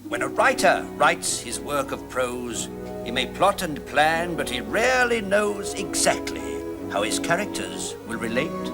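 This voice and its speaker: A pompous Victorian novelist. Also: male voice, on the high side, exaggerated voice. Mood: lively. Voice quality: theatrical, grandiloquent delivery. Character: flamboyant, self-important middle-aged Victorian novelist. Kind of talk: 1970s television sketch comedy.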